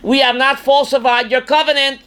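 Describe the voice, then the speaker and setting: High-voiced older rabbi lecturing dramatically. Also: male voice, little pitch movement, normal speed, noisy background. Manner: dramatic, rising to shouts when quoting scripture, questioning students. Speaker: rabbi teaching a class. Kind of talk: Torah class lecture.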